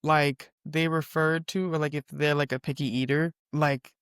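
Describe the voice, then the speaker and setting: A woman from the Southern United States, co-hosting a podcast and telling stories in an animated, profane, chatty way. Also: low voice, normal speed, clean tone, dry recording, clean studio sound. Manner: self-described yapper, animated and profane storytelling. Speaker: podcast co-host. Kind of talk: casual chat.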